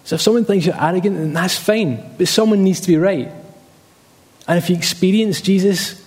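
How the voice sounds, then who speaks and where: A man's voice: sits high, moderate pace, a little mellow, in a large hall. A man preaching a sermon emphatically, repeating key phrases and telling personal stories.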